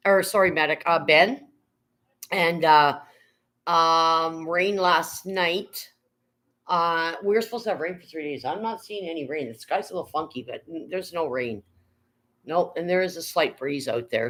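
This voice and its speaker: A woman's voice: on the low side, fairly bright tone, low-quality recording. An older woman hosting a casual livestream from home, rambling and reading viewers' comments aloud with casual swearing. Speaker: livestream host.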